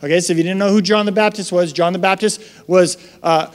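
Animated young male preacher, high voice. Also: fast. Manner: animated, conversational, acts out quotes in raised voices. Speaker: pastor. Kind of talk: casual sermon. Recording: long hall reverb.

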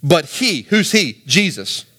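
A male pastor delivering a sermon in a fairly high voice. He preaches with animated energy, climbing to emphatic peaks and putting rhetorical questions to his listeners. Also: slow. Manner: addresses the congregation directly with rhetorical questions.

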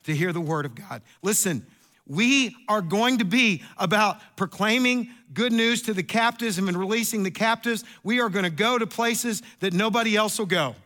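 High, bright-voiced preacher man. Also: normal speed. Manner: animated, storytelling with asides and repeats. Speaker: pastor. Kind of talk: sermon.

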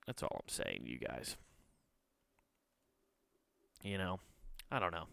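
A man's voice: sing-song, unhurried, vocal fry, pauses often, pushed and bright, dry recording. A man hosting a solo podcast, ranting with plenty of swearing and mocking others now and then in a sneering voice. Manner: profane, ranting, mocks others in a high sneering voice. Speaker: podcast host.

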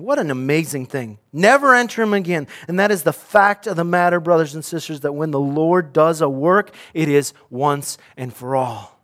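A man's voice: fairly high pitch, moderate pace, few pauses, fairly bright tone. A male pastor preaching a sermon, earnest and direct, often repeating words and restarting as he speaks.

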